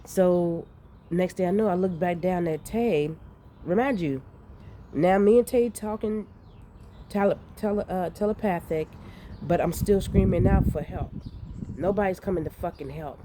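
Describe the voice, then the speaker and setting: Animated woman telling a story, low voice. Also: normal speed, a little hiss or hum. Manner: animated, rambling, profane, restarts often. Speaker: vlogger recounting a dream. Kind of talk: casual storytelling.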